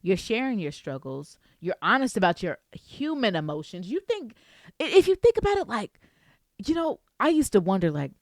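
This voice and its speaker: Lively woman giving casual faith talk. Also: mid-range voice, moderate pace, dry recording, studio quality. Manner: lively, playful, speaks straight to the viewer with "girl" and "baby". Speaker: Christian faith vlogger.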